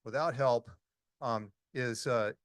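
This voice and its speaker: A man in his sixties tells stories at a conference talk, stopping often for ums and uhs. His pitch sits in the middle range, and the recording is dry and close, with no room echo. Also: takes it slowly. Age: 60s. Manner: chatty, storytelling, frequent ums and uhs. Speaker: conference speaker. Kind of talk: casual presentation talk. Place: meeting hall talk.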